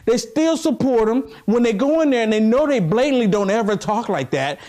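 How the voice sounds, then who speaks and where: A man co-hosting a casual political talk show, animated and preachy as he presses his point. His voice sits fairly high for a man. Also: a little fast, hardly any pauses. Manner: animated, preachy, drawing the listener in.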